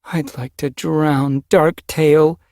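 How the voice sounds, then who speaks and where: A man voicing a young female cat, Hawkwing's sister, warm and emotional, pitched high above his own voice. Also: flat delivery, slow pace, no echo, studio quality. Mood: fierce. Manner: high, bright, emotional lift.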